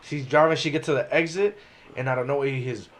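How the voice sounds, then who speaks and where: A man's voice: mid-range voice, fast talker. A young man trading profane anecdotes in a casual podcast chat. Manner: laid-back, profane, trades anecdotes. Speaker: podcast guest.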